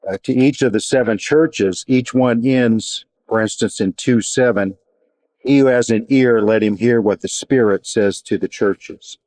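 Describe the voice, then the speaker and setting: A man teaching a Bible study in a measured, reflective way, pausing and restarting as he explains. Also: mid-range voice, dark tone, no room sound.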